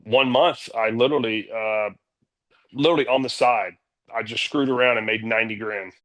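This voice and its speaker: A man, a company CEO, telling stories as a guest in a casual interview, energetic and blunt, swearing freely. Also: medium pitch, moderate pace.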